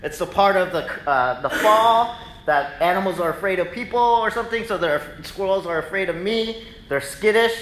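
A man preaching a sermon in a relaxed, conversational way, telling animated stories to the congregation. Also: high-pitched, moderate pace, roomy sound, low-quality recording. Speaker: pastor. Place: church sanctuary.

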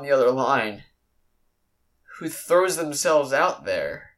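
Young guy on a podcast, bright forceful voice, rambly and swears a lot, just talking openly. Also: medium pitch, very animated, slow pace, pauses often. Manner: candid, rambling, heavy swearing. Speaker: podcast host. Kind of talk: casual podcast storytelling.

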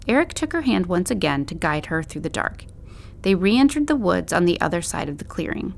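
Woman narrating a story, low voice. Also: big pitch swings, fairly quick, gravelly. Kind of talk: audiobook narration.

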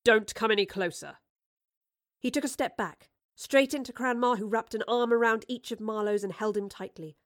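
A woman narrating a fantasy audiobook in a measured storytelling manner. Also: on the high side, fairly even intonation, no echo, clean studio sound. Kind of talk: scripted narration.

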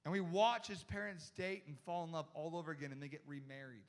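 A man's voice: on the high side, slight background noise. A man preaching as a youth pastor, telling a story with quoted voices and frequent restarts. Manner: animated, quotes people in quick voices, many restarts. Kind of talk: sermon storytelling.

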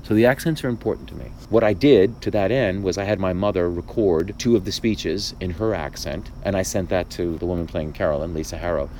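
Low-pitched male playwright host, thoughtful and halting, light noise underneath. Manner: thoughtful, restarts often, animated asides. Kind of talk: casual conversation.

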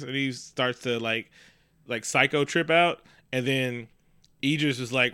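A young man recaps a film in a loose, profane ramble, jumping between plot and jokes. His voice is bright and smooth, with a close, dry sound. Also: medium pitch, fairly even intonation, measured pace, no echo. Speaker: podcast co-host. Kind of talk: casual movie recap chat.

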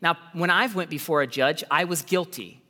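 A man preaching a sermon as pastor, animated, with sudden jumps in pitch and voiced asides, in a church. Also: normal speed. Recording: long reverb of a large hall.

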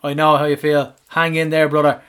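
A man with an Irish accent co-hosting a casual football podcast, quick and joking, swearing freely. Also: on the high side, completely flat delivery, fairly bright tone, clean tone. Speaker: podcast co-host.

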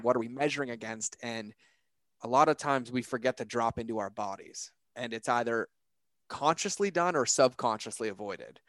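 A man's voice: medium pitch, dry recording. A man with a mid-range voice speaks earnestly in a reflective podcast chat, casual and searching, leaning on fillers like "like" and "right?". The sound is dry and close, with little room around it.

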